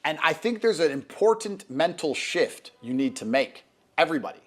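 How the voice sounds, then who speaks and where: A man's voice: fairly high pitch, sing-song, normal speed. A man in casual conversation, lecturing emphatically and swearing often. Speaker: guest.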